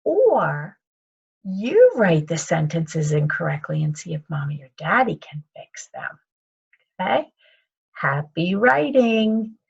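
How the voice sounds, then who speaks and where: A woman's voice: lowish voice, big pitch swings, slow pace, creaky, slightly rough, muffled recording. A woman teaching kindergarten children in a recorded video lesson, talking patiently in a sing-song teacher voice and calling herself by her surname.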